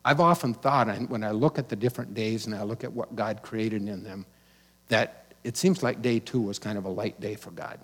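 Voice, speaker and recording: A man's voice: on the low side, moderate pace, fairly bright tone. A man pastor delivering a sermon in a conversational, teaching manner, with casual asides and restarts.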